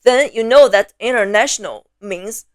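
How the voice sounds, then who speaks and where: A woman's voice: a little high, normal speed, no room sound. A woman with a Mandarin Chinese accent, native speaker of Mandarin Chinese, explaining a language lesson in a friendly way, with examples and rhetorical questions. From China. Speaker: language teacher.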